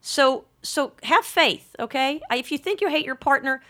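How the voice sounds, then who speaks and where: A woman's voice: sits high, animated, moderate pace, bright, forceful tone. A woman delivering a rambling comic monologue in a mock-earnest, frank and crude way.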